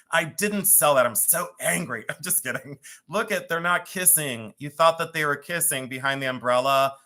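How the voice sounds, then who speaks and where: A man hosting a live jewelry sale, chatty, theatrical and quick to mock himself. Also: medium pitch, bright, forceful tone. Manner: chatty, self-mocking, theatrical. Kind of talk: live-stream jewelry auction.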